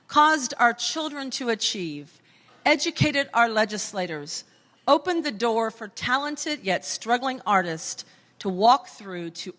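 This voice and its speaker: A woman's voice: mid-range voice, fairly bright tone. A woman reading a formal tribute to an award winner, stressing each point of a long list for effect. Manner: emphatic, builds lists for effect. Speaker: award presenter. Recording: long hall reverb.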